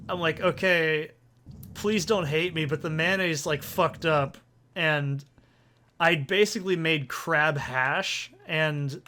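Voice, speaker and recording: A man's voice: a little high, sharp tone. A young man hosting a let's play, telling a long rambling story with lots of swearing while he plays. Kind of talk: casual gameplay commentary. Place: soundproofed home recording corner. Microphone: desk condenser mic with pop filter.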